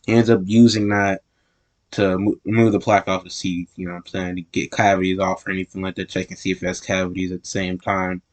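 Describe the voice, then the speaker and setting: A man's voice: sits low, level tone, fast. A man casually telling a story in a rambling way, often correcting himself mid-sentence. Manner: rambling, self-correcting retelling.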